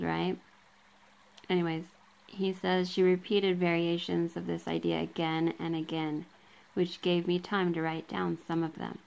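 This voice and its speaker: Slow, gravelly-voiced woman reading aloud. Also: on the low side, low-quality recording. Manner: reads quoted passages, marking quote and end quote; casual, with frequent ums. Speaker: book vlogger. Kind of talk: reading a book aloud with casual asides. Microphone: handheld camera.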